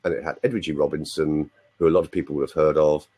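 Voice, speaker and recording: A man in his sixties from London, speaking with a London accent, tells stories as a guest on a live video chat. His voice is extremely low, steady and mellow with a husky edge, and he talks rapid-fire. He's chatty and playful, often asking listeners to confirm what he says.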